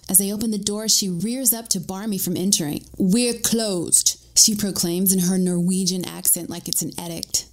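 A woman narrating a first-person story with a wry, lively storytelling manner. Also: medium pitch.

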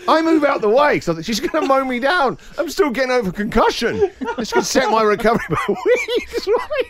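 A man hosting a radio show, telling a story in a lively way and laughing as he goes. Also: extremely high pitch, brisk, a crowd in the background.

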